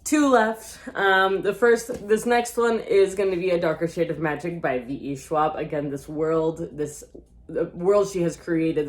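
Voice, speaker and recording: Woman book vlogger, lowish voice, gushy and chatty, casual talk to viewers. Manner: gushing and chatty, often addresses viewers as guys. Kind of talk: casual book recommendation chat.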